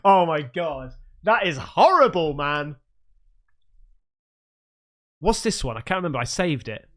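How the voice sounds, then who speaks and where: A man, hosting a casual reaction video and commenting with animated, swearing banter. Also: a little high, a little slow. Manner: animated, swears often, says "mate". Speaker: reaction channel host.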